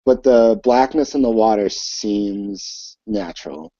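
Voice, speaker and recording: A man narrating a tabletop game as game master, halting and full of fillers. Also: on the low side, mellow, dry recording. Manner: hesitant, many fillers. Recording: dull lo-fi recording.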